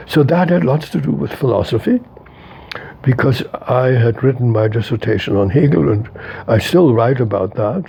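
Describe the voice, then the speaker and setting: A philosopher in his eighties reflects in an interview, emphatic and repetitive, his feelings openly on display. His mellow mid-range voice has vocal fry and lively intonation at a normal pace, with a little hiss or hum behind it.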